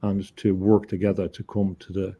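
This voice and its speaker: A man, a guest on an interview show, telling a story in an earnest, halting way, often repeating words as he thinks. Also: low-pitched, completely flat delivery, mellow, husky, dull audio. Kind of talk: conversational storytelling.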